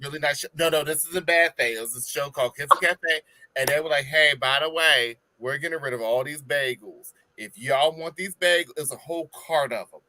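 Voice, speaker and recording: A man's voice: fairly high pitch, fairly quick, pushed and bright, slight background noise, low-quality recording. A man from Maryland, a guest drag performer, chatting on a podcast and telling sassy stories with put-on voices. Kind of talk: casual podcast chat.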